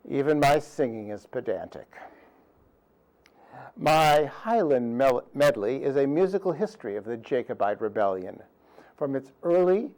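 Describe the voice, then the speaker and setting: A man tells history as a comic lecture, taking his time over every sentence. His wit is dry and pedantic, and he lands each joke deadpan. His voice sits at an ordinary middle pitch. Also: low-quality recording. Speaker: performer of a musical history talk. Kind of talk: humorous history lecture with songs.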